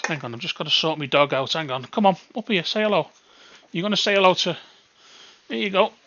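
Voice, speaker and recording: A man's voice: fairly high pitch, brisk, bright, forceful tone, no room sound, muffled recording. A man hosting a live stream, chatting casually, laughing and swearing with his callers. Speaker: livestream host.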